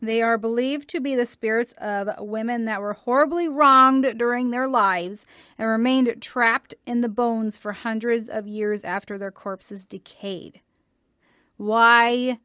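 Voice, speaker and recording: A woman's voice: a little high, pushed and bright, clean tone, dry recording, studio quality. A woman co-hosting a podcast, reading cryptid legends aloud and breaking off into laughs and jokey asides.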